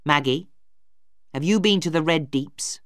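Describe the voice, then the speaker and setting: A woman's voice: deep voice, measured pace, no room sound, clean studio sound. A woman playing a harsh, stern young brother. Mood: angry. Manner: harsh, forceful. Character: stern, angry young man, Maggie's brother.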